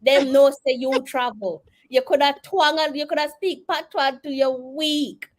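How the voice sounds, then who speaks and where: A woman's voice: high-pitched, steady tone, measured pace. A woman with a British accent hosting a casual chat, laughing often and slipping into patois. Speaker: host.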